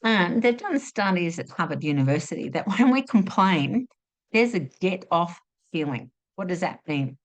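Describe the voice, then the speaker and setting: A woman giving a spiritual teaching talk, asking rhetorical questions and acting out inner voices in an expressive way. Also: on the low side, moderate pace. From Australia.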